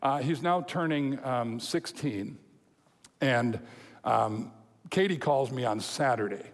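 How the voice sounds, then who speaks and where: A man preaching a sermon, telling a story with lively quoted voices and chuckles. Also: mid-range voice, slow. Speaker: pastor. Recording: long hall reverb.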